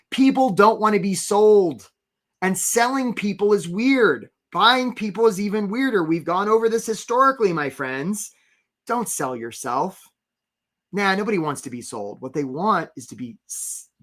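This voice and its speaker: A man coaching job seekers in a live webinar, talking fast and energetically and addressing viewers in the chat. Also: a little high, a bit bright. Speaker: career coach hosting a webinar.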